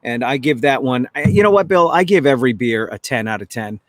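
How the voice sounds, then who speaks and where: A man's voice: medium pitch, lively intonation, a little fast, no room sound, clean studio sound, soft background music. A man hosting a casual chat over drinks, rambling and correcting himself as he talks. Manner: chatty, rambling, self-correcting. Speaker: show host.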